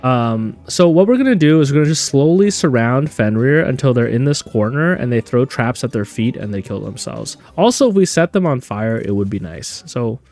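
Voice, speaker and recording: A man's voice: medium pitch, a little mellow. A man live-streaming a game, talking chattily and answering viewers' questions as he plays. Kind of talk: live gameplay stream commentary.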